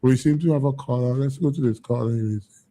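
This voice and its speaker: A man's voice: mid-range voice, fast, warm tone. A man hosting a call-in radio show, chatty and telling stories with repeated words. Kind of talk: casual call-in radio chat.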